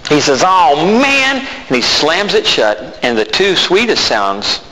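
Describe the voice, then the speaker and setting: A man's voice: on the high side, big pitch swings, measured pace. A man preaching a sermon and telling a personal testimony, acting out both sides of the conversations he recalls. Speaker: pastor. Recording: reverberant hall with faint noise.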